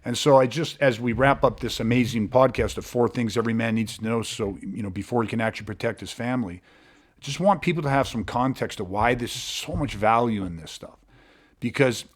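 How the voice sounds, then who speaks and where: A man hosting a podcast, talking in an intense, blunt way with frequent swearing and halting restarts. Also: medium pitch. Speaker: podcast host. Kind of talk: podcast monologue.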